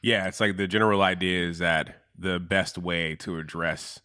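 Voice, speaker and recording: A man's voice: low-pitched, fairly even intonation, normal speed, pushed and bright, no room sound, clean studio sound. A man co-hosting a podcast, explaining history in an earnest, casual way. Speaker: podcast co-host. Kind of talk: casual discussion.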